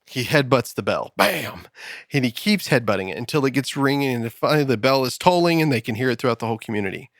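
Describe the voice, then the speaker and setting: A man hosting a podcast in casual chat, rambling and quick as he tells jokes. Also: mid-range voice, animated, no room sound, clean studio sound. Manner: rambling, quick joke-telling. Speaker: podcast host. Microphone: studio mic.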